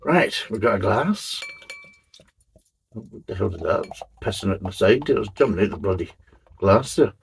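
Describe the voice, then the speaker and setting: A man's voice: lowish voice, expressive, normal speed, gravelly, pauses often, a little hiss or hum. A man hosting a casual beer review, grumbling and swearing between jokey asides as he reads the label.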